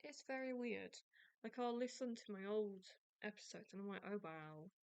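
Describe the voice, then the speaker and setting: A woman's voice: mid-range voice, normal speed, vocal fry, a little mellow, clear, resonant tone, dry recording. A young English woman hosting a podcast, chatting casually and rambling with many restarts and self-deprecating asides. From England. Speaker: podcast host. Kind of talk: casual chat.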